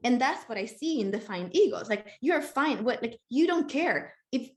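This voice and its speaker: A woman's voice: fairly high pitch, expressive, moderate pace. A woman co-hosting a casual podcast, explaining ideas steadily with frequent "like". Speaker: co-host, teacher.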